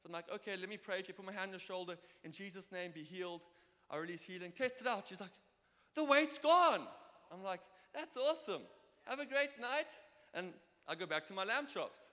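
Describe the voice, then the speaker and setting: Young South African man, preacher; high, bright voice; lively storyteller; reverberant church hall. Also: fast talker. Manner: lively, storytelling, acts out dialogue. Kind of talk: sermon with personal stories.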